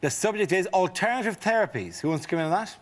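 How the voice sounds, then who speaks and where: A man hosting a comedy panel show, briskly announcing rounds and topics. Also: high-pitched, lively intonation. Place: TV studio with live audience. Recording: loud studio audience and noise.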